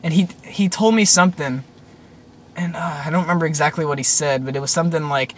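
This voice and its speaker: Speaking quickly with slight background noise, a young man tells viewers about a weird dream he had in a casual vlog. His voice is a little high and a bit bright, and he rambles with plenty of "like" and "um."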